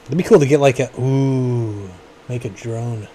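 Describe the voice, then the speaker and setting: A man's voice: mid-range voice, a little slow, mellow. A man co-hosting a casual chat in a laid-back, joking way.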